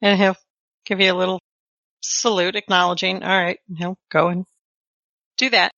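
A woman's voice: fairly low pitch, level tone, moderate pace, sharp tone, no room sound, dull audio. A woman narrating a tabletop horror game as game master, describing scenes step by step.

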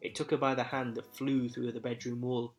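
A man narrating a Christmas story in verse with a measured, rhythmic delivery. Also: mid-range voice, level tone, soft background music.

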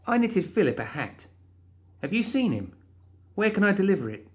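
A chirpy undead young woman, prim and sweetly indignant, talking in a high, lifted voice, as a male narrator puts her on. Her lines swing up and down with lively storybook relish. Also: normal speed. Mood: coaxing.

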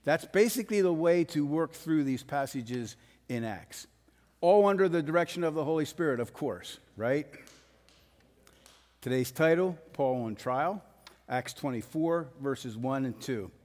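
A man preaching a sermon verse by verse, blunt and emphatic, pushing his voice up to forceful peaks. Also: on the high side, lively intonation, measured pace. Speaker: pastor. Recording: long hall reverb.

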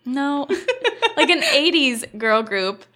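Woman host, chatty and laughing, recapping an episode in a slightly high voice. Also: expressive, slow pace, sharp tone. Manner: chatty, laughing, quoting scenes. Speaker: podcast host. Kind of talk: casual chat recapping a TV episode.

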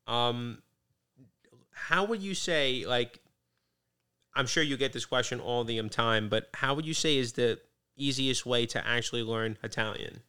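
A male podcast host in relaxed, casual conversation, his voice bright and clear. He laughs easily and keeps the talk going with questions. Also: medium pitch, a little slow. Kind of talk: casual chat.

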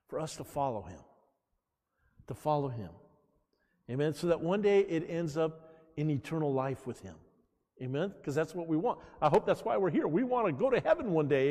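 A middle-aged male pastor preaches with a high, bright-edged voice that leaps up and down in pitch. He keeps pulling the congregation in with a questioning "Amen?". The sound rings with a long church reverb. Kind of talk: sermon.

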